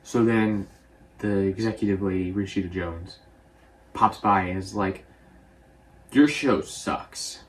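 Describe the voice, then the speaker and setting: A young man casually recapping a movie, rambling and offhand, slipping into quick character voices. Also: low-pitched, flat delivery. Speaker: movie reviewer.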